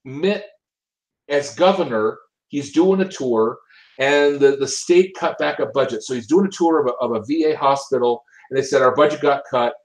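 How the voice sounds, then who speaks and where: A man's voice: medium pitch, animated, normal speed, low-quality recording. A man giving opinionated casual commentary, emphatic and often repeating and restarting his words. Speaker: political commentator.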